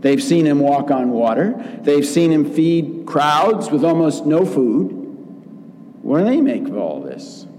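A man preaching a sermon as pastor, acting out quoted lines with lively changes of voice. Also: on the high side. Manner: slow, animated preaching with acted quotes. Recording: long reverb in a large room.

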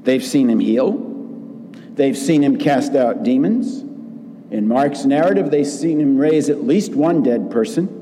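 A man preaching a sermon as pastor, acting out quoted lines with lively changes of voice. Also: mid-range voice, a little hiss or hum. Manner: slow, animated preaching with acted quotes. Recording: long reverb in a large room.

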